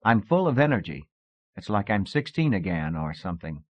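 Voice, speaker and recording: A man's voice: fairly low pitch, big pitch swings, normal speed, no echo. A man voicing Richard, a restless joking young man. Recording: dull lo-fi cassette audiobook.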